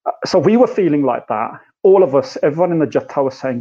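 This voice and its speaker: A man's voice: mid-range voice, quick pace, dark tone. A man in a reflective conversation, talking animatedly and rhetorically, often checking in with "right?" and "you know". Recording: dull lo-fi sound.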